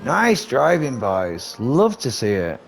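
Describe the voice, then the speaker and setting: A man giving casual, excitable live commentary on a sim racing league, chatty and swearing casually, with game noise behind him. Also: mid-range voice, takes it slowly, gravelly. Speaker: race commentator.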